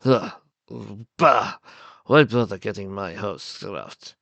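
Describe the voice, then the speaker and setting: A man voicing a pompous male villain pony who speaks in slow, drawn-out lines. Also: on the low side, expressive, a bit bright, no echo, voice pushed down, full character voice. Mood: scheming.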